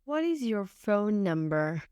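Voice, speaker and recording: A woman teaching English, reading short everyday phrases one at a time with careful, deliberate enunciation and pauses between them. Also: mid-range voice, sing-song, darkish tone, clean tone, dry recording, studio quality. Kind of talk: slow phrase-by-phrase reading for learners.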